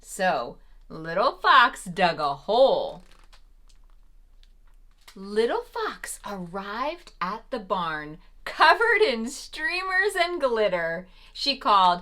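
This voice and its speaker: Woman, preschool read-aloud host, gentle sing-song delivery, slow unhurried pace, lively melody, bright tone. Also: on the high side.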